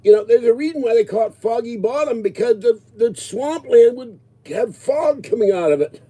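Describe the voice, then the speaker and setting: A man's voice: extremely high pitch, animated, normal speed, dark tone. A man in his sixties ranting casually to his viewers, agitated and rambling. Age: 60s. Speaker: livestreamer answering viewers.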